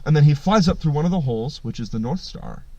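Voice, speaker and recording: Animated swearing male podcast host. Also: a little high, fast, highs cut off. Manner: animated, swearing, jumps into voices. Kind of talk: casual storytelling chat.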